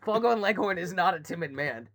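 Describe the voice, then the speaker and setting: A woman co-hosting a casual gaming podcast, animated, laughing often and swearing freely. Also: lowish voice, brisk, a loud crowd. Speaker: podcast co-host. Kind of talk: casual chat about video games.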